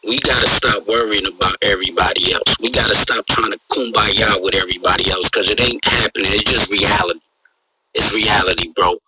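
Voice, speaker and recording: A man's voice: fairly low pitch, fairly even intonation, a little fast. A man with a Brooklyn accent holds the floor in a heated online room, preaching and repeating "you dig what I'm saying." Heavy noise sits over his line. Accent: New York. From Brooklyn, New York. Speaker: guest speaker. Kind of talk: heated call-in room talk.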